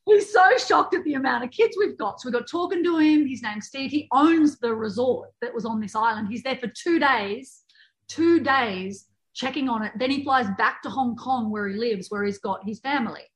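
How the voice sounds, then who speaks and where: A woman guest chatting casually and telling a travel story, laughing easily between quick asides. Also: fairly high pitch, animated, poor audio. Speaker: guest, author and fitness program creator. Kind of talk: casual storytelling in a podcast chat.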